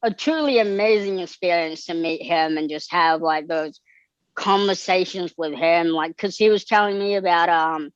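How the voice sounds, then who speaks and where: A male guest raised in Australia, telling stories in a casual interview, animated and giddy, acting out quoted lines. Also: a little high, normal speed, smooth, no echo, dull audio.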